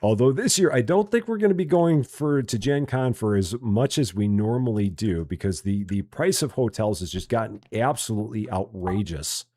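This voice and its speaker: A relaxed Midwestern man from Chicago talks through a game on a live stream, rambling and poking fun at himself. His voice sits low and comes through a dry, close microphone with no room sound. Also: moderate pace, few pauses, no room sound. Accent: general Midwestern American. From Chicago, USA. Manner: relaxed, chatty, self-mocking, rambling with restarts. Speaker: gaming streamer. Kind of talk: casual live-stream chat.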